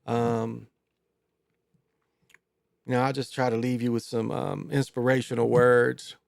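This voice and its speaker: A man hosts his own show in a loose, rambling monologue, full of crude asides and fillers. His voice is gravelly, with plenty of fry, at an ordinary middle pitch. The sound is close and dry. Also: flat delivery, measured pace, dry recording. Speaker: show host.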